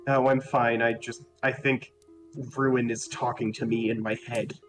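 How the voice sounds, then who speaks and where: A man's voice: mid-range voice, little pitch movement, measured pace. A man playing his character in a tabletop game, chatting casually in and out of character. Faint music plays in the background. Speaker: player. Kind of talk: casual tabletop role-play.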